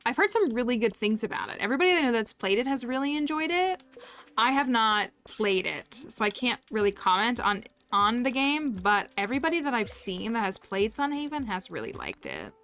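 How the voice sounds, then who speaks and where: A woman's voice: on the high side, big pitch swings, brisk, fairly bright tone. A woman chatting casually to viewers while streaming a farming game, giggly and talkative. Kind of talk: casual live-stream chat while gaming.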